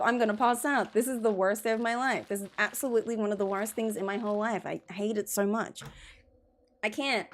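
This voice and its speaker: A woman's voice: mid-range voice, steady tone, fairly quick. A woman streamer giving rambling, exasperated, jokey gameplay commentary.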